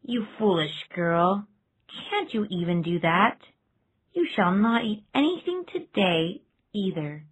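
A man voicing a dreadful, greedy old hag in a storybook reading, high and shrill. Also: big pitch swings, takes it slowly, heavily acted. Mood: scolding.

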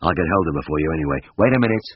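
A man voicing an eager, impulsive young man in a storybook reading, talking keenly and quickly. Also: a bass voice, animated, breathy edge, no room sound, muffled recording, exaggerated voice. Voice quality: keen and impulsive. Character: eager, boisterous young man, vet's colleague.

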